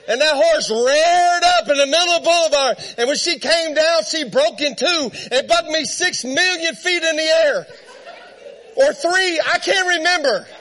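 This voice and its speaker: High, bright-voiced preacher telling a funny story. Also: male voice, moderate pace. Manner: animated, laughing through his story. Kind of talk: comic storytelling sermon.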